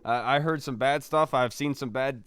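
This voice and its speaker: A man's voice: medium pitch, normal speed, fairly bright tone, clean tone, no room sound. A young man co-hosting a sports podcast, talking in a laid-back way and saying "dude" often. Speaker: podcast co-host. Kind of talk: casual sports chat.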